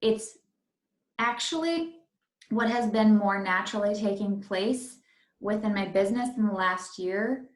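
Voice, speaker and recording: A woman on a team call, sharing thoughts with her teammates in a warm, unhurried way. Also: medium pitch, roomy sound. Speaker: team member. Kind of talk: casual call chat.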